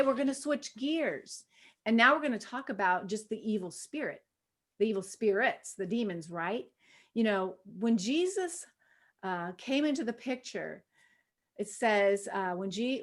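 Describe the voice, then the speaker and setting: With a slightly high voice, a middle-aged woman runs a laid-back women's Bible study, leaning heavily on "you know" as filler and raising her voice loudly when she performs quotes.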